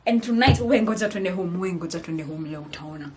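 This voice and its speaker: A young woman with a Kenyan accent telling a storytime vlog, animated and laughing as she mixes English with Swahili slang. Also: fairly low pitch, fairly quick. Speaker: vlogger.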